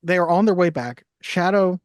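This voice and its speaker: A podcast co-host recapping a film in a casual, animated chat, swearing often. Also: mid-range voice, moderate pace, dry recording, clean studio sound.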